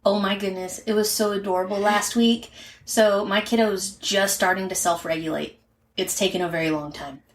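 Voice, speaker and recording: A woman's voice: mid-range voice, steady tone, moderate pace. A woman co-hosting a podcast about parenting, earnestly explaining things step by step in casual chat. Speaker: podcast co-host, mother.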